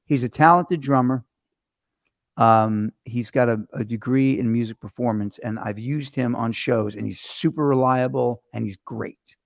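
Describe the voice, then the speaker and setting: A man hosts a loose chat, his voice gravelly with fry and picked up dry and close. He rambles from story to story, animated and profane, at a middling pitch. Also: normal speed, no room sound. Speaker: host. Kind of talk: casual chat. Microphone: webcam or phone camera mic.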